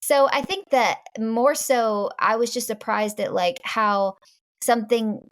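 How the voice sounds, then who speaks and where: A woman from Virginia talks in a relaxed interview with a light Southern accent. She rambles and restarts, scattering "like" through her sentences as she feels her way to each point. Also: a little high, unhurried, no echo. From Virginia, USA. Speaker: guest filmmaker. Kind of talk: casual interview chat.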